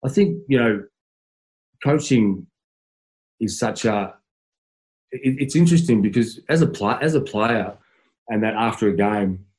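A man's voice: on the low side, animated, measured pace, long pauses, a little mellow, poor audio. An Australian man, a former footballer, telling stories in a casual interview, stumbling over restarts and laughing as he goes.

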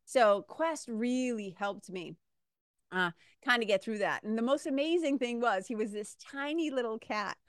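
A middle-aged woman from Massachusetts, telling a personal story in a casual, animated podcast monologue and talking straight to her listeners. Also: fairly high pitch, moderate pace, no room sound, clean studio sound. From Massachusetts, USA. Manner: chatty and animated, addresses listeners as "you guys". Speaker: podcast host.

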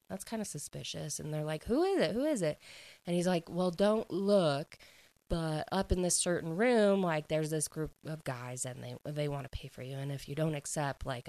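A woman's voice: low-pitched, darkish tone, no echo, poor audio. A young woman casually retelling a book's plot in a chatty way, filling her speech with "like" and laughing now and then. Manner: chatty, heavy "like" filler, quick laughs. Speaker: book reviewer. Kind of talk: casual book recap.

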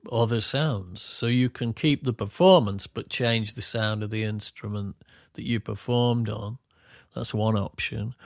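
Gravelly middle-aged Yorkshire man. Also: on the low side, dry recording, clean studio sound. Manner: rambling, self-interrupting, explains gently. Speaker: podcast co-host, musician. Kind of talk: casual reminiscing chat.

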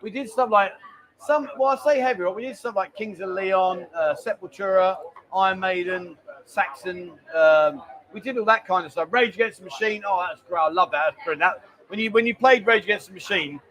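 A man's voice: sits high, brisk, fairly bright tone, low-quality recording. A middle-aged man hosting a live stream, chatty and bantering as he rambles along. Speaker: livestream host. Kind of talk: casual live-stream chat.

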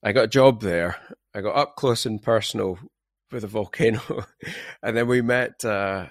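With a voice on the low side at a normal speed, this man hosts an interview and drifts into casual, meandering travel anecdotes. The recording is clean studio quality, with no echo.

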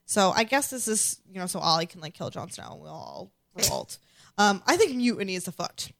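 A woman's voice: medium pitch, expressive, a little fast, vocal fry, fairly bright tone. A woman co-hosting a casual podcast, reading listener comments aloud and reacting with frequent laughter and swearing. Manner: chatty, swears freely, laughs often. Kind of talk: casual chat.

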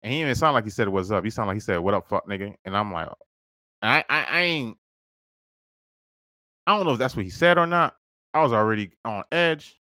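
A man's voice: fairly low pitch, animated, fairly quick, pauses often, sharp tone, no room sound, clean studio sound. A man hosting a podcast, telling a story casually and profanely, acting out quoted dialogue. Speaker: podcast host.

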